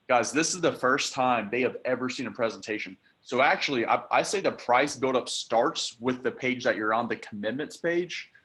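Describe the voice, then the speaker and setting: Man, sales trainer on a team call, casual coaching delivery, filler-heavy, middle pitch. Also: fairly bright tone.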